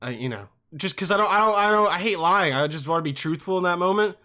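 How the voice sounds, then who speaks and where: A young man hosting a podcast, telling comic stories in an animated, profane, rambling way. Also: high-pitched, fast talker. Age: young adult. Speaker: podcast host. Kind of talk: casual comic storytelling.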